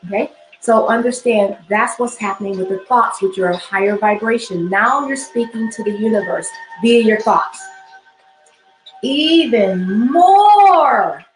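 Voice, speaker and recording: A woman's voice: mid-range voice, roomy sound, low-quality recording. A woman spiritual teacher giving an instructional talk, often repeating phrases and checking in with "okay?".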